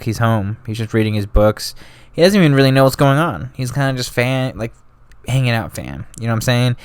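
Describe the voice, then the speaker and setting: A man's voice: medium pitch, clear, resonant tone, no room sound. A man hosting a history podcast, telling it in loose, slangy, casual talk full of asides. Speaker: podcast host.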